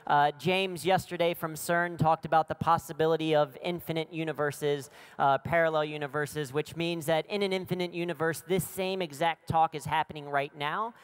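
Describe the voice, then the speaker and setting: An American man in his thirties giving a comedic keynote talk on a conference stage, energetic and full of self-deprecating jokes. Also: on the high side, moderate pace, few pauses, clean tone. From United States. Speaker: conference speaker.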